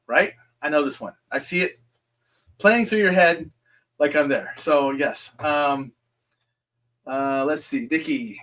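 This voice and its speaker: A man hosting a live question-and-answer stream. He rambles in a reassuring way, speaks straight to each viewer and fills his pauses with "um". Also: a little high, fairly bright tone.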